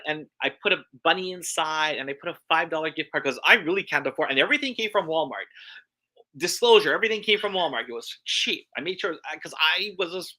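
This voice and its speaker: A man's voice: on the high side, bright, forceful tone. A man with a Hawaiian accent giving a church talk, telling personal stories earnestly and repeating phrases for emphasis. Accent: Hawaiian English. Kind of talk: sermon-style personal storytelling.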